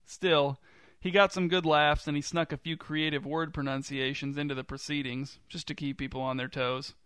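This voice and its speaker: A man's voice: a little high, flat delivery, moderate pace, fairly bright tone, clean tone, no echo. A man reading a story aloud with a dry, wry storytelling manner. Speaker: narrator. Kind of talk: storybook narration.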